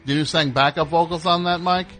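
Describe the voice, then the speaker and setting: A man's voice: on the high side, steady tone, fast, bright, forceful tone, soft background music. A man hosting a talk radio show, rambling through a sarcastic, mocking monologue. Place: radio studio.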